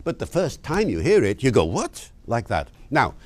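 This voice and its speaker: A male lecturer speaks with a lively, swooping voice, telling anecdotes and acting out short exchanges. The sound is dry and close, with no room echo. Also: mid-range voice, normal speed. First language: English. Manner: animated storytelling, acts out dialogue. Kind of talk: lecture on language.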